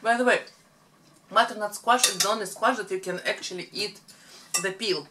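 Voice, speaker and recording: A woman's voice: mid-range voice, normal speed, noisy background. A woman co-hosting a family eating show at home, chatting casually and explaining cooking tips between bites. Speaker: mukbang co-host.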